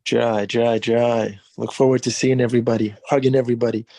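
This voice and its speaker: A man with a gravelly voice moderates a devotional class, passing on questions and closing with warm, effusive thanks. His sound is dry and close. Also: mid-range voice, level tone, fairly quick, no echo.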